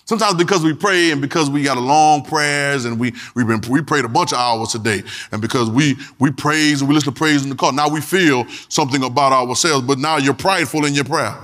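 A man's voice: mid-range voice, fairly even intonation, brisk, hardly any pauses, fairly bright tone, long reverb tail. A man preaching a sermon in an emphatic, repetitive way, calling out to the congregation.

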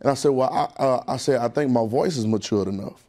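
Guy preaching a sermon, chatty asides to the church, gets louder and higher when he drives a point. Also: a little fast. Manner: call-and-response preaching, building in pitch and volume; folksy, conversational asides to the congregation.

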